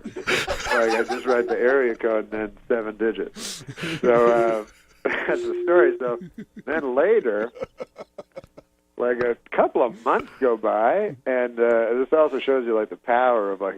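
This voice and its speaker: Rambling deadpan man on a call. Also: medium pitch. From Canada. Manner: rambling, deadpan, laughs at his own story. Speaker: comedian guest. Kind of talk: casual storytelling. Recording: dull lo-fi dry sound.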